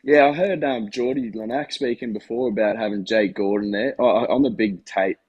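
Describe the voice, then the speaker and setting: A man's voice: on the low side, a little fast, darkish tone, husky, dry recording, lo-fi sound. An Australian man in his thirties, a former rugby player guest joining by video call, chatty, enthusiastic and self-deprecating.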